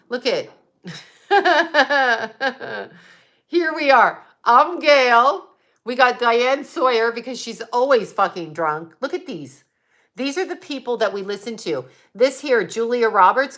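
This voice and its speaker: A woman hosts her own show in blunt, profane, agitated commentary. Her voice is bright and sharp, at a middling pitch. She talks casually and heatedly, with many fillers. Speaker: host.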